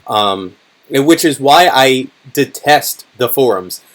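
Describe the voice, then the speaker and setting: A man with a hoarse, tired voice hosts a relaxed livestream and chats casually with viewers. His pitch sits in an ordinary middle range. He speaks loosely and fills gaps with plenty of "um"s. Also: takes it slowly. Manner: chatty, many fillers, car-enthusiast talk. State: hoarse, voice worn out. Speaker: channel host answering live chat.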